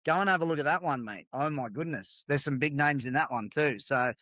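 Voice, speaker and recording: A middle-aged Australian man co-hosting a podcast in casual chat, laid-back and quick to laugh, calling his co-host mate. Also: a little high, sharp tone, dry recording.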